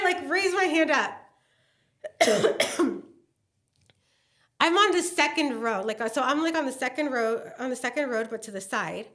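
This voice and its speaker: A woman co-hosting a podcast, telling a story in a lively, gushing way with lots of fillers and acted-out quotes. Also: sits high. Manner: animated, gushing storyteller who acts out quotes. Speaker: podcast co-host. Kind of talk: casual chat.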